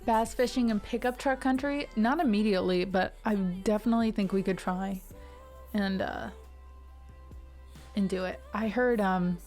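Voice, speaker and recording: A woman from the Ohio River Valley chats loosely with her stream viewers, wandering between thoughts with plenty of fillers. Her voice sits at a middle pitch with a soft, mellow tone. Quiet music plays underneath. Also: normal speed. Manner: chatty, rambling, many restarts and fillers. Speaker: music livestream host. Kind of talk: casual chat with stream viewers.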